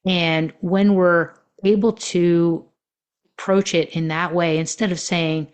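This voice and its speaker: A woman's voice: lowish voice, fairly even intonation, slow pace, clean tone. A woman coaching on relationships in a podcast monologue, telling personal stories in a reflective way with many fillers.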